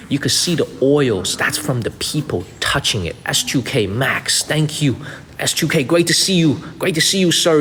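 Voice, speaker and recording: A travel vlogger live-streams a tour outdoors at a historic mausoleum site, chatting, repeating himself and thanking viewers by name. His medium-pitched voice is fairly bright, with a long reverb tail and slight background noise.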